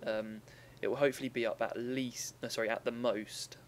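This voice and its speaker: In casual, chatty commentary, a young man goes over a replay of a strategy game battle fairly quickly, often stopping to fix what he said. His voice is middle-pitched with fairly even intonation, and a faint ambient hum persists beneath it.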